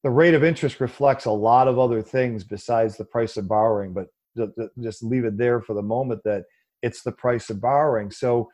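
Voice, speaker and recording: Mellow-voiced man explaining in an interview. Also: brisk. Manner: animated, mocking quoted voices with a raised pitch, many fillers. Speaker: guest explaining economics. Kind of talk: conversational interview answer.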